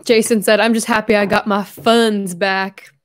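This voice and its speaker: Her delivery is flat and her voice mid-range: a young woman hosting a relaxed home livestream. She reads viewer messages aloud, chats effusively, and keeps correcting herself and adding quick side comments.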